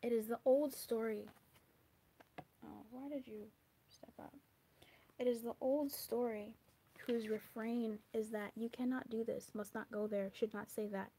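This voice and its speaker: A woman giving a casual, animated spoken card reading. She talks in a chatty way with swearing, drops into whispers, and acts out little asides. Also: a little high, moderate pace, a little hiss or hum. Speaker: tarot reader.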